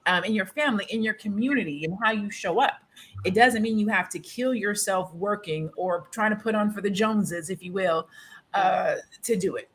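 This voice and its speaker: A woman's voice: mid-range voice, normal speed, husky, poor audio. A woman on a discussion panel, speaking earnestly and building her points through repeated phrases. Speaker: panel guest. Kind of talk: casual panel chat.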